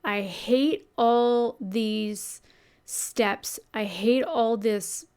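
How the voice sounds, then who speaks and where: A woman's voice: fairly high pitch, drawn-out words, darkish tone, clear, resonant tone. A woman voicing an irate 89-year-old man caller, ranting about automated phone systems. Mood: fed up. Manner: ranting, exasperated complaints.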